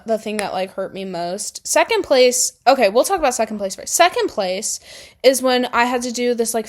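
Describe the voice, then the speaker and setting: A young adult woman telling high school stories in a casual vlog, chatty with lots of filler words and exasperated outbursts. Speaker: vlogger.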